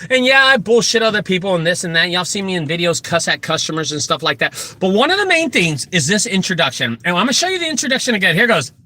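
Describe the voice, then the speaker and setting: Guy w a high bright voice, rambling and joking thru his stories, super casual. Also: quick pace, hardly any pauses. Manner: animated, joking, rambling with many asides. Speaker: junk removal business owner. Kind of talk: casual storytelling advice talk.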